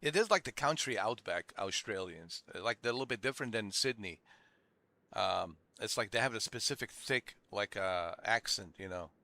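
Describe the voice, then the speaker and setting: Bright-voiced man rambling over gameplay. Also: lowish voice, lively intonation, moderate pace, no echo. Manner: rambling, heavy "like" fillers, chatty. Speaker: gaming video creator. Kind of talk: casual gameplay commentary.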